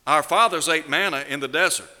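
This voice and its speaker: A man preaching a sermon, asking rhetorical questions and slowing down to stress key words. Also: a little high, sharp tone, in a large hall. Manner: measured preaching, slows down for emphasis, rhetorical questions.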